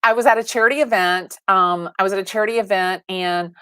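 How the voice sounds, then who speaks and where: A woman in her forties, a real estate agent and guest, telling stories with lively acted-out dialogue over a video call. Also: medium pitch, quick pace, clean tone, no room sound. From Atlanta, Georgia. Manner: animated storyteller, acts out quoted dialogue, many restarts. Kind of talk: livestream interview storytelling.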